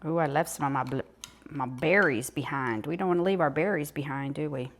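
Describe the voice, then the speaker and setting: Talking a little fast in a low-sitting voice, an older woman with a Southern US accent walks through a casual home cooking demo. She's chatty and folksy and eats while she talks, with slight background noise.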